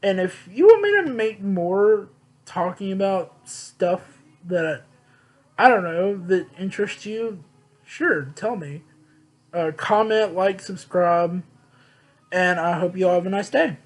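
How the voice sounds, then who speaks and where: A man's voice: high voice, lively intonation, slow, rough recording. A young man vlogging, telling a personal story in a blunt, candid way and swearing freely. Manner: blunt, profane, emphatic.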